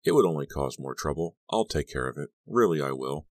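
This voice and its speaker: A man reading as a battered, troubled teenage boy in a horror audiobook, with a voice that sits extremely deep. He sounds subdued and earnest, pleading when pressed, all in a dry, close recording. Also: animated, a little fast, darkish tone, no room sound. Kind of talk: audiobook narration.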